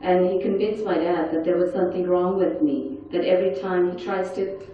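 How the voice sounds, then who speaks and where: A woman speaker at a conference panel, telling her own story in an earnest, quiet and intense way. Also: fairly low pitch, steady tone, normal speed. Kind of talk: personal testimony talk. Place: large conference hall. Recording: echoey, dull hall sound from far off.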